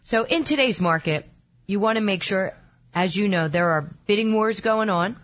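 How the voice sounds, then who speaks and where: A woman co-hosting a radio show, practical and brisk, reciting figures. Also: mid-range voice, lively intonation, lo-fi sound. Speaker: mortgage segment co-host. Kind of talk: casual radio chat.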